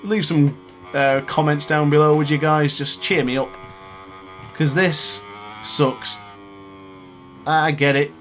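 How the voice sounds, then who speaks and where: A man's voice: on the high side, fairly even intonation, slow, long pauses, fairly bright tone, faint music behind. A man in his late twenties commentating his own racing game live, ranting in frustration between exasperated laughs. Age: 20s. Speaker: gaming YouTuber.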